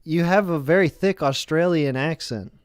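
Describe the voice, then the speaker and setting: A man's voice: a little high, normal speed, clear, resonant tone, no room sound, studio quality. A man hosting a casual online chat with friends, teasing and playful, sometimes exasperated. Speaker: host.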